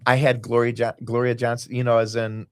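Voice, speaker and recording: A man's voice: mid-range voice, completely flat delivery, fairly quick, clean tone, no room sound, studio quality. Rambling man telling stories. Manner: rambling storyteller, jumps between tangents, acts out quotes. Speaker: guest, basketball team owner. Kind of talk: casual podcast chat.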